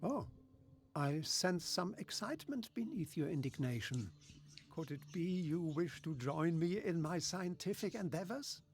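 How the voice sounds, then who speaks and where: A man's voice: a little high, expressive, unhurried. An actor playing a smug, scheming male doctor with a German accent, speaking in a patronizing, condescending way in video game dialogue.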